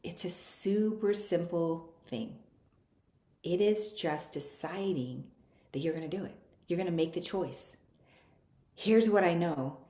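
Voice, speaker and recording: A woman's voice: fairly low pitch, measured pace, pauses often, dark tone. A woman giving an earnest, conversational motivational talk who acts out her listeners' objections. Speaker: speaker on a coaching call. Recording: echoey room.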